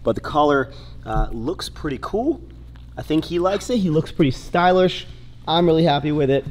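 A man's voice: a little high, expressive, moderate pace, a little mellow, echoey room. A young man vlogging casually, rambling with lots of fillers and breaking into a sponsor read.

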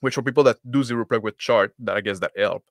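A man's voice: fairly low pitch, fast talker, no echo, clean studio sound. Man explaining, ending points with "right?". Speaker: panelist game master. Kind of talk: casual chat.

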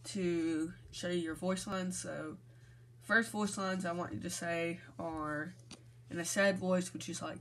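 A woman giving rambling, informal instructions to a voice actor for her fan video, clearing her throat now and then. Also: fairly low pitch, fairly even intonation, unhurried. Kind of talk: casual spoken instructions.

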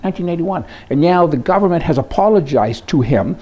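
Joking man with a dark voice. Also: a little high, lively intonation, brisk, husky. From Canada. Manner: joking, rambling, full of rhetorical questions. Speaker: host. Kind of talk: opinion commentary monologue.

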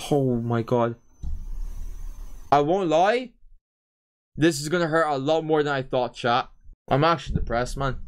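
Streamer, theatrical despair. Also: male voice, on the high side, a bit bright. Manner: theatrical despair, swearing, repetitive. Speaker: gaming streamer. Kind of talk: live stream commentary to chat.

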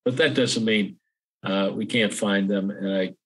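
An older man, an author guest, talking in a relaxed interview with frequent pauses and a self-deprecating humor. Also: fairly low pitch, slightly rough, low-quality recording. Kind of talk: casual interview chat.

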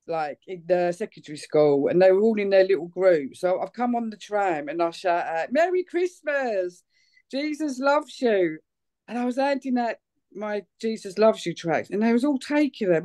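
A woman from England giving a personal testimony at church, telling it in an excitable, chatty way with many fillers. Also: mid-range voice.

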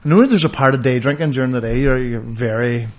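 A man's voice: mid-range voice, quick pace. A young man, co-hosting a podcast and telling a rambling, sweary anecdote in casual chat. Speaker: podcast co-host.

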